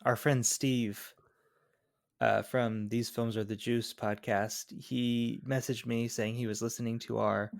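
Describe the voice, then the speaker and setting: A man's voice: medium pitch, level tone, a little slow, gravelly, dry recording, clean studio sound. Easygoing man co-hosting a film podcast. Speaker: podcast co-host. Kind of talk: casual film chat.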